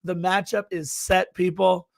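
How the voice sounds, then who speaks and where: A man co-hosting a soccer podcast, talking in an excitable, energetic way. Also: sits high, a little slow, creaky. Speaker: podcast co-host. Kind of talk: casual podcast chat.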